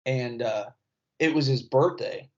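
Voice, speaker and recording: A man's voice: medium pitch, slow pace. A man from Indiana with a rural Indiana accent, a comedian telling stories as a podcast guest in a laid-back, rambling, self-mocking way. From Indiana, USA. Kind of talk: casual storytelling chat. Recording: slightly dull podcast audio.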